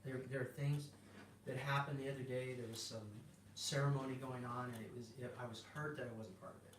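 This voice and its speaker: A man's voice: mid-range voice, fairly even intonation, fairly quick. A middle-aged man sharing a personal faith story in casual talk, acting out the dialogue with restarts and fillers. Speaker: guest sharing a personal testimony. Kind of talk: casual spoken testimony. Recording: roomy sound from a distant mic with background noise.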